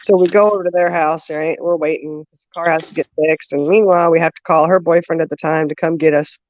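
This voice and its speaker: Her voice sits low, and the dry recording comes across as dull and lo-fi. As host of a casual conversation, she tells a lengthy, lively story, punctuated by laughter and plenty of fillers.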